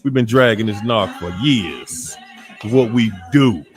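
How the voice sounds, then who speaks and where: With a lowish, expressive voice and an unhurried pace, this man hosts a relaxed livestream over soft background music. He speaks African American English from Washington, D.C., teasing viewers by name and laughing frequently.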